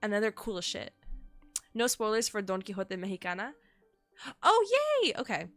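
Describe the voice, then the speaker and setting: A young woman streaming a game, chatting casually and excitably with her viewers and swearing freely. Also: mid-range voice, a little fast, no echo, soft background music. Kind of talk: casual live-stream commentary.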